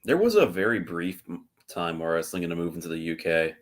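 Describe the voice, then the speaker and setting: A man's voice: low voice, very animated, quick pace. A man co-hosting a podcast, talking casually and rambling with many fillers and restarts. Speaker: podcast co-host.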